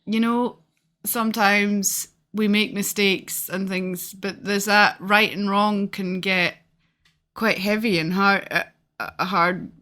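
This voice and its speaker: A woman's voice: mid-range voice, fairly even intonation, slow, bright, forceful tone. A woman co-hosting a podcast, chatting casually with many fillers and frequent laughter. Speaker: podcast co-host. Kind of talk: casual conversation.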